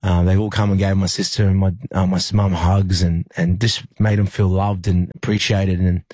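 A man's voice: low-pitched, flat delivery, normal speed, a little mellow, slightly rough, dry recording. An Australian man, a rugby league player, recalling a personal story in an interview in a rambling way with many fillers and restarts. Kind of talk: emotional personal recollection in an interview.

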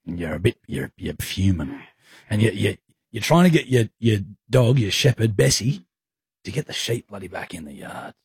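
A man bantering as a radio co-host, teasing and laughing through the chat. His voice is slightly husky, recorded close and dry in a studio. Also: fairly low pitch, lively intonation, moderate pace, darkish tone, dry recording. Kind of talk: casual banter.

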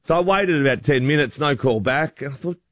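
A man's voice: on the high side, expressive, a little fast, dry recording, clean studio sound. A man with an Australian accent hosting breakfast radio, telling stories in a chatty, self-mocking way. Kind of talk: casual radio storytelling. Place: radio studio. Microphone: studio microphone.

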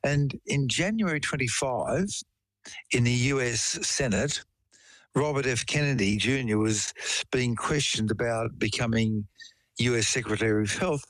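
A man chats casually, breaking down medical terms with homely examples and spinning a case story. His voice sits in a middle pitch, recorded close and dry with no room sound. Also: unhurried, a bit bright, no room sound, poor audio. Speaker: science explainer. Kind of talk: casual chat.

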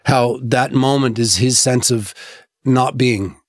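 A husky-voiced man tells a story as a filmmaker in a casual chat, stopping and restarting often. His voice climbs when he gets caught up in the story. The sound is close and dry. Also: slow, no room sound. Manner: animated storyteller, many fillers and restarts, pitch rising when moved. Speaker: documentary filmmaker guest.

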